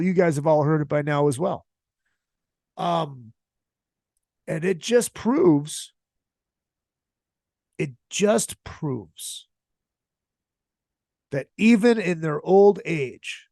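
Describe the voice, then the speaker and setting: A man's voice: on the high side, creaky, darkish tone, no echo, studio quality. A man hosting a podcast, talking casually with heavy swearing and strong opinions. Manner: profane, opinionated, emphatic. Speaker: podcast host. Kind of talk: casual solo podcast rant.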